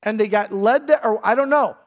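A man's voice: high voice, a little fast. A middle-aged man preaching a sermon, telling the story with energy and acting out the people in it. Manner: animated storytelling, acting out voices and shouts. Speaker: pastor.

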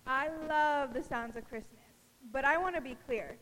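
A woman's voice: high voice, normal speed, fairly bright tone, long reverb tail, a little hiss or hum. A woman co-hosting a church stage skit, dry and skeptical. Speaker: skit co-host.

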